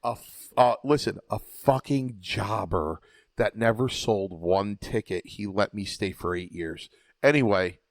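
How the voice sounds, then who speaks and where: A man's voice: lowish voice, unhurried, creaky, no echo. A man, a former wrestler and podcast co-host, telling a long story in a rambling, profane way with stumbling restarts. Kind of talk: casual storytelling banter.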